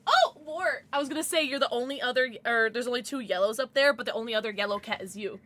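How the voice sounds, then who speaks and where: Giddy high-pitched young woman streamer. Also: quick pace, few pauses, pushed and bright. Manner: giddy, squealing and laughing, emotional. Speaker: livestreamer. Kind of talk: casual livestream chat with viewers.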